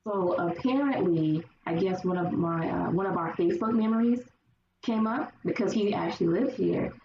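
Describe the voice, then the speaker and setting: A woman's voice: on the low side, normal speed, creaky. A woman podcast guest telling stories in casual conversation and acting out what people said. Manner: animated storyteller who acts out quotes. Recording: echoey, distant, dull lo-fi, faint noise.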